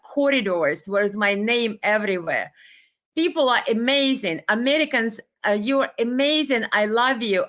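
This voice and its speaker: A woman's voice: a little high, a bit bright. A woman hosting a livestream, talking earnestly and heartfelt to viewers on a webcam, tearful at times. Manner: earnest, heartfelt, reads viewer comments aloud. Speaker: livestream host. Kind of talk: emotional livestream talk.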